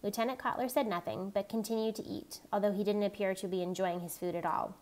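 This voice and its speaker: List: woman, steady even narration, reading a chapter book aloud. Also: medium pitch, quick pace. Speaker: reader.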